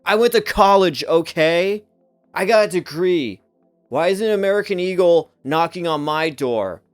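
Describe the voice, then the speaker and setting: A man's voice: high-pitched, animated, a little slow, soft background music, voice pushed up. A man voicing a sneering, indignant know-it-all critic in a mocking tone.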